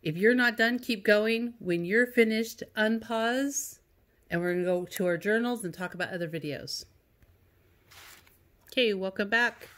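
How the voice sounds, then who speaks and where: A woman's voice: medium pitch, measured pace, fairly bright tone. Patient woman teaching a video lesson. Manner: patient, sing-song reading of example sentences. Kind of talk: remote class lesson to young students.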